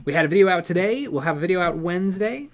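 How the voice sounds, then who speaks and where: A man's voice: sits high, lively intonation, very fast. A man co-hosting a livestream, chatting casually and playfully while reading out viewer comments. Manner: chatty and playful, with frequent fillers. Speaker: livestream co-host.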